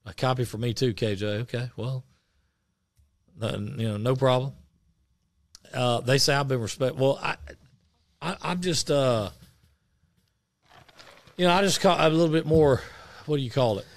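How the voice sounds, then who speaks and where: A man co-hosting a radio show, chatting casually about sports and rambling through many halting restarts. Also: medium pitch, no room sound.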